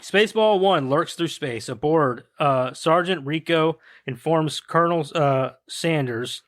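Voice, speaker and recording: A fairly high-voiced man hosts a loose movie chat and swears easily. He chuckles his way through a plot recap. The sound is dry and close, with no room around it. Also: a little slow, no echo. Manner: swears freely, laughs while reading. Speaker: podcast host. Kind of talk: casual chat, reading a plot summary.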